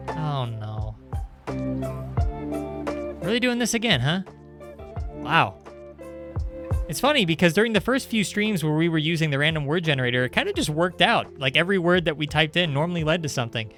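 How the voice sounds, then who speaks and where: A man's voice: on the high side, pushed and bright. A young man streaming indie games, chatting casually and sarcastically while reading the game's text aloud. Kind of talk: casual live-stream commentary.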